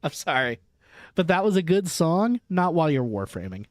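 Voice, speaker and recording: A vtuber streamer from the United States talks with his viewers in a playful, joking, animated manner during a casual gaming stream. His voice is on the high side at a moderate pace. The recording is dry.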